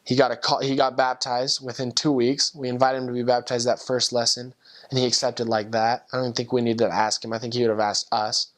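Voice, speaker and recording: A man, a former missionary, telling a personal faith story in an earnest, heartfelt, halting way. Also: mid-range voice, flat delivery, a bit bright.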